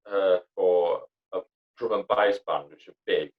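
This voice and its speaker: A young comedy actor and writer, appearing as a podcast guest, chats casually in a low, steady voice at a measured pace. He's blunt and sweary and rambles with plenty of fillers, and the recording has a dull lo-fi sound.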